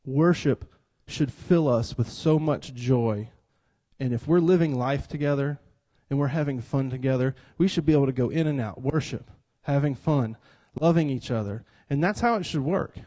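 A man's voice: medium pitch, moderate pace, mellow. A man preaching an interactive church sermon, joking around and calling on the congregation to repeat lines back to him. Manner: joking, self-described cut-up, calls for congregation responses.

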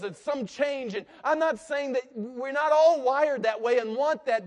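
A man preaching a sermon as pastor, swinging between hushed and loud delivery. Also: very high-pitched. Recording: long reverb of a large hall.

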